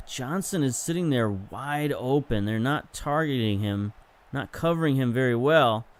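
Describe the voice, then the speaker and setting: A young gaming host, speaking a little slowly, provides chatty play-by-play on football management game highlights. Chances get him excited, and he often stops to correct himself.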